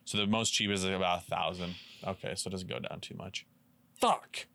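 A man's voice: low voice, steady tone, fast, gravelly, sharp tone. A man co-hosting a podcast in casual chat, laid-back and swearing freely. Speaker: podcast co-host.

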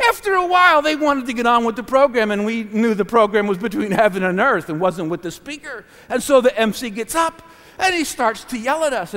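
A man preaching a sermon, swinging from booming declarations to hushed, near-whispered asides, with laughs between phrases. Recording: long hall reverb.

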